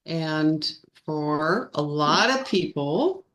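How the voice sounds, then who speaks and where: A woman co-hosts a casual live-streamed chat, with a lowish voice and an unhurried pace. She wanders through her points with fillers and self-corrections, in an easygoing way. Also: lively intonation, a bit bright. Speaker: co-host of a feng shui live show.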